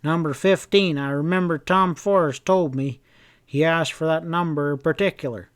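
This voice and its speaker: A man reading aloud and voicing a suspicious male hotel proprietor, sharp and demanding. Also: a little high, normal speed, smooth, voice pushed up, natural voice. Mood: accusing.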